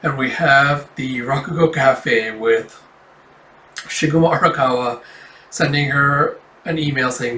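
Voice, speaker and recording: A man's voice: mid-range voice, a little slow, far from the mic. Man casually reading through a manga. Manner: relaxed, with frequent "like" and chuckles. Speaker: manga reader. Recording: echoey room, off-mic.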